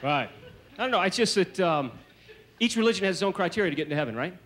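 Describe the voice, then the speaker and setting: Brisk stand-up comic on a noisy stage. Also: male voice, high voice, animated. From American South. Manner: brisk, punchy delivery with put-on voices. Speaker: stand-up comedian. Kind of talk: stand-up comedy routine. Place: comedy stage before a live audience. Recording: noisy 1980s TV stage recording.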